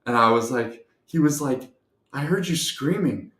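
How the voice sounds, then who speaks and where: A young man telling a personal story on a talk show. He acts out the other voices and swings from soft to shouting. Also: medium pitch, lively intonation, a little slow. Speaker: guest storyteller. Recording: echoey room.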